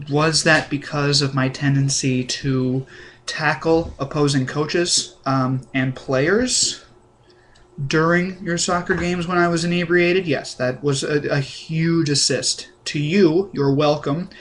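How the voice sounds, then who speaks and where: Young man, deadpan, rambling with ums, slightly high voice, faint hiss behind. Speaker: comedic vlogger. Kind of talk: deadpan mock-sincere video letter.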